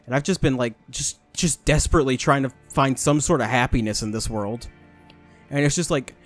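A man's voice: mid-range voice, a little fast, faint music behind. A young man doing let's play commentary, joking and talking to the characters on screen. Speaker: gaming YouTuber.

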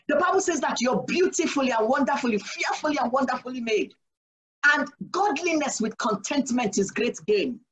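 Poor audio captures a deaconess's high-pitched, expressive, slightly bright voice at normal speed. Leading a church Bible study, she exhorts earnestly, asks her listeners questions she then answers herself, and drops in "Praise the Lord" here and there.

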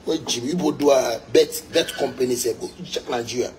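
A man with a Ghanaian English and Pidgin accent ranting angrily, repeating himself and hurling insults in loud bursts. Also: mid-range voice, fairly quick, a little hiss or hum. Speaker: musician ranting. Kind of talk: angry rant.

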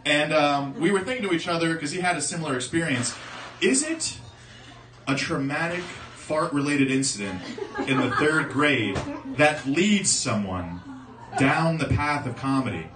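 A young man from South Florida doing a profane stand-up set, telling a story and suddenly shouting the voices of the people in it. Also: on the high side, lively intonation, moderate pace, background noise. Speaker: stand-up comedian. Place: comedy club stage. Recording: roomy club sound from a distance, crowd audible.

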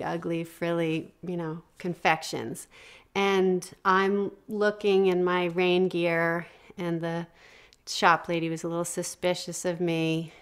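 A middle-aged woman giving a talk in a conversational, animated way, with frequent restarts and asides as she tells a personal story. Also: on the low side, clean tone.

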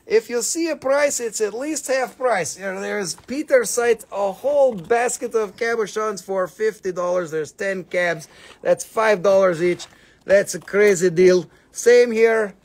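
High-voiced guy doing a live rock sale, excitable, joking around, quick price rundown. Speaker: host selling minerals on a live stream. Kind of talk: live sales stream.

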